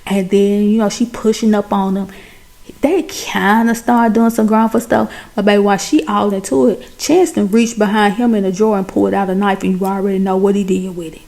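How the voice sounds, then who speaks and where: Chatty woman with a gravelly dark voice. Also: mid-range voice, brisk. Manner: chatty, animated, talks straight to viewers. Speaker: movie recap host. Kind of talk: casual movie recap.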